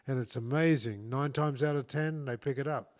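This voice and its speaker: A man's voice: mid-range voice, normal speed. Man, talk show host, reflective storyteller, rambling delivery, frequent restarts. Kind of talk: casual storytelling conversation.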